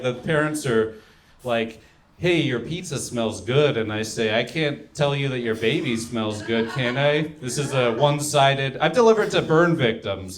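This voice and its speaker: A young man doing a stand-up set, delivering one-liners and trailing off into mumbles between jokes. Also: medium pitch. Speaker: stand-up comedian. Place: comedy club stage.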